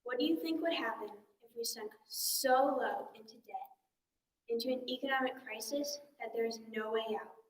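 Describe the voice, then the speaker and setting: A woman's voice: on the high side, normal speed, roomy sound, far from the mic, low-quality recording. A woman student reading a persuasive speech in an earnest, recited way. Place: classroom.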